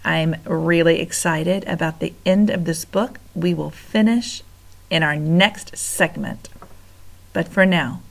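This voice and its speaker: A woman reading a children's book aloud, expressive and dropping to whispers for suspense. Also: lowish voice, slow pace, gravelly. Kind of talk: storybook read-aloud.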